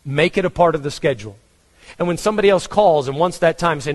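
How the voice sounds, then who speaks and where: A man's voice: a little high, fast, long reverb tail. A man with a Texan accent preaching a conversational sermon, asking his congregation questions. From Texas. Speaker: pastor.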